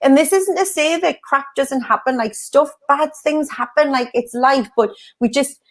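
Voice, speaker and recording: A woman's voice: high voice, moderate pace. A woman co-hosting a casual livestream, chatty and bubbly, laughing often as she reads out viewer comments. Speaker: co-host of a mindset livestream.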